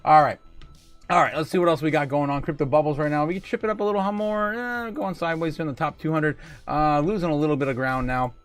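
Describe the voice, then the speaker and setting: A man's voice: fast, clean tone, soft background music. A man hosting a casual livestream, reading chat aloud, joking and laughing often between filler words. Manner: jokey and rambling, laughs often, many fillers; swings from muttering low to loud excited calls. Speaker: livestream host.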